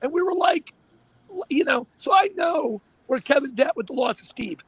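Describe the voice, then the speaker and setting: A man hosting a casual talk show, animated and emphatic, often repeating himself. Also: very high-pitched, normal speed, no room sound. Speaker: show host.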